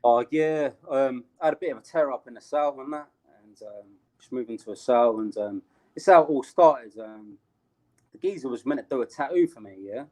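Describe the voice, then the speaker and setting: A man's voice: medium pitch, moderate pace, darkish tone. A young British man telling a street story in casual, slangy talk, laughing along the way. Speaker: interview guest.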